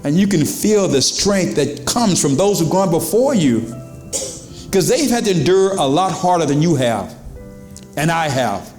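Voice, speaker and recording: Male pastor, fairly high voice, conversational sermon, echoey church, faint music behind. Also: sing-song, unhurried, a little mellow. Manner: conversational preaching with quoted voices and questions to the congregation. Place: church sanctuary.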